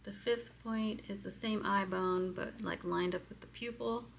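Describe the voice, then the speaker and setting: A woman's voice: mid-range voice, fairly even intonation, a little slow, vocal fry, a little hiss or hum. A woman giving a candid, hesitant self-help lesson, with many fillers as she explains step by step. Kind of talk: casual personal instruction video.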